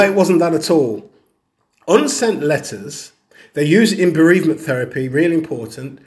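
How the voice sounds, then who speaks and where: A man giving an earnest teaching talk on grief, telling stories and acting out the people he quotes. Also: a little high. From Caribbean heritage. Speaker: speaker on grief and bereavement.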